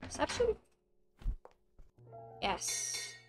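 A woman's voice: drawn-out words, rough recording. A young woman streaming a horror game, thinking aloud and swearing freely as she plays. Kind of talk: casual gameplay commentary. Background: faint game music.

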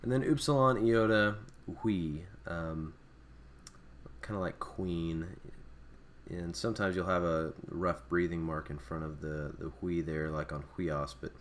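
A man's voice: sits low, fairly even intonation, measured pace, a little hiss or hum. A man teaching a recorded Greek alphabet lesson, explaining off the cuff with many fillers and restarts. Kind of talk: screen-recorded language lesson.

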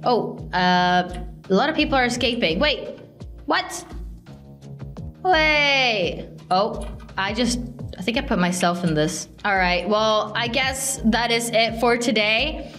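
A young woman hosting a gaming channel, commenting on her gameplay in a playful, excitable way and calling out to other players. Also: fairly high pitch, unhurried. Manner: excitable, exclaims often, talks to other players. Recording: light background music.

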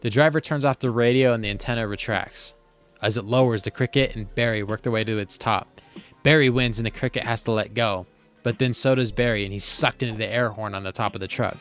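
Homem lendo roteiro em voz alta. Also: male voice, fairly low pitch, steady tone, fairly quick, soft background music. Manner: reads stage directions aloud, stumbles on words. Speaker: host reading a movie script. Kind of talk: comedic script read-aloud.

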